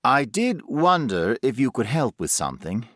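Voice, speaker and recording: A man's voice: medium pitch, big pitch swings, moderate pace, fairly bright tone, dry recording, voice pushed up. A polite, friendly newcomer keen to make friends, as a male narrator puts him on. The voice sits slightly above the narrator's own. It is a dry, close storybook reading. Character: polite, eager newcomer man.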